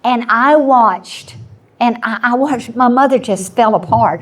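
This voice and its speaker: Seventies woman, panel guest, earnest storyteller, a bit high-pitched. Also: unhurried. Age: 70s. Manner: earnest storytelling with frequent restarts. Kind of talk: personal testimony on a panel.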